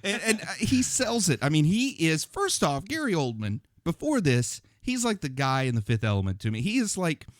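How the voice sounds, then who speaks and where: A man chatting casually about movies as a podcast co-host, his voice a touch high and very lively in pitch. He talks in an animated way and drifts into playful impressions. The studio sound is dry, with no room echo. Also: normal speed, few pauses.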